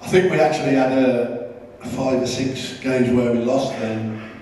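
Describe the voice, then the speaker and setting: A man's voice: mid-range voice, normal speed, darkish tone. A man, a former football manager, telling dry, understated anecdotes on stage at a live podcast. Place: live event venue. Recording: roomy live hall from far off.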